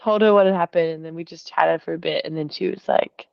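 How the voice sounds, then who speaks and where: A young woman from Australia talks through a hard week in a loose, rambling way, leaning on filler words. Her voice sits low for a woman. The video call audio is dull and lo-fi, with a dry, close sound. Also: fairly even intonation, quick pace, gravelly, smooth, no room sound. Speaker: artist sharing in a group call. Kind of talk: casual emotional storytelling.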